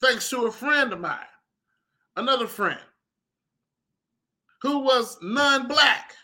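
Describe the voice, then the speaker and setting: Podcast host, male, high and very bright voice, chatty storyteller who addresses listeners directly. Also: lively intonation, slow pace. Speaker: podcast host and leather craftsman. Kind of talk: casual storytelling monologue.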